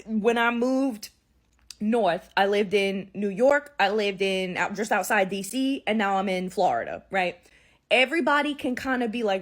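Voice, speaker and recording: A woman with a New Orleans accent talking casually to camera, chatty and profane, explaining things with quick asides. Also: mid-range voice, lively intonation. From Louisiana, USA. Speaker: content creator. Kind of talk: casual talking-head monologue.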